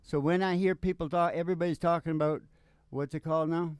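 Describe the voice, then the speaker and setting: An older man, co-host of a live show, talking in rambling, halting banter with frequent restarts. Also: a little high, steady tone, a little mellow, clean tone, no room sound, studio quality. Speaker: co-host and musician. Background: live country music.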